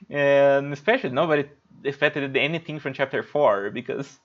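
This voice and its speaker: A man with a mid-range voice streams a video game at a moderate pace, though the audio sounds dull. He chats casually through the livestream, rambling and swearing loosely as he plays.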